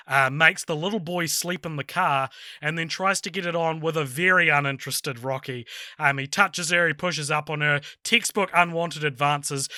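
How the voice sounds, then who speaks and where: A man co-hosting a casual film review podcast, animated and mocking, laughing often. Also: fairly high pitch, dry recording, studio quality. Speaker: podcast co-host.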